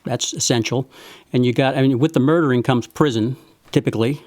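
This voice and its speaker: A man's voice: medium pitch, a little fast, a little mellow, dry recording, clean studio sound. Folksy man introducing his songs. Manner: folksy storytelling, earnest; tongue-in-cheek humor. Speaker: singer-songwriter hosting a virtual house concert. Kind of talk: spoken song introductions. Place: home, live-streamed concert.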